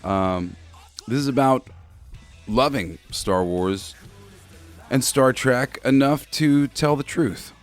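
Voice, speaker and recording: A man hosting a podcast in a casual commentary style. He talks in an earnest, halting way, restarting often, and swears bluntly now and then. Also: medium pitch, soft background music. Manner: halting and tongue-tied, with frequent restarts. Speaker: podcast host.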